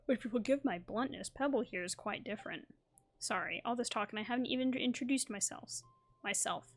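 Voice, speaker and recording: A courteous, formal male scholar, read aloud by a woman in her own everyday voice. His speech is careful and apologetic, with measured pauses. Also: fairly high pitch. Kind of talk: reading game dialogue aloud.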